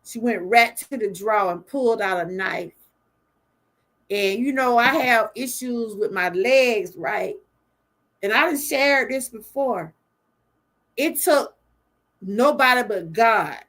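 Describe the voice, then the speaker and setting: Older woman, earnest and high-voiced. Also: expressive, slow, long pauses, fairly bright tone. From Georgia, US. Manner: earnest, speaks straight to viewers, often moved. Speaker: livestream host. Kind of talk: heartfelt livestream talk. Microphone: webcam or phone livestream.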